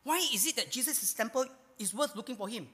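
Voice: mid-range voice, expressive, quick pace, bright, forceful tone, in a large hall. A pastor with a Singaporean English accent preaching a sermon, emphatic, asking and answering rhetorical questions.

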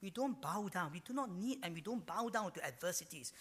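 This pastor delivers his sermon in a high, slightly rough voice that's bright and forceful, swooping up and down with energy. He keeps closing phrases on a long, drawn-out "ah," and the hall rings with lengthy reverb.

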